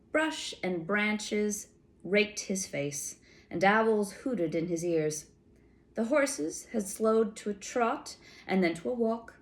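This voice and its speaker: A woman reading a novel chapter aloud at a halting, uneven pace. She stumbles, restarts and corrects herself now and then. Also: medium pitch, lively intonation. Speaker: audiobook reader.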